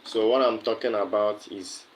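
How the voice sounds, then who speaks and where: This livestream host, a man with a Nigerian accent, speaks at a moderate pace in a fairly low, steady voice. He chats casually, responding to comments with plenty of fillers and repetitions, over poor audio carrying a little background noise.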